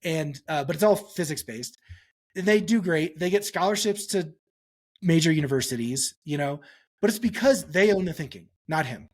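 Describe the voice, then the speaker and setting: A male psychologist answering interview questions on a podcast, telling stories and acting out quotes with sudden pitch jumps. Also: moderate pace. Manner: animated storytelling, acts out quotes with pitch jumps. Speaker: psychologist guest.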